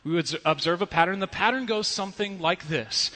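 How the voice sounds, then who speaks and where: A man preaching a sermon as pastor, conversational with rhetorical asides, swinging from loud and animated to hushed. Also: a little high, fast, few pauses. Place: church sanctuary. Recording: long reverb of a large hall.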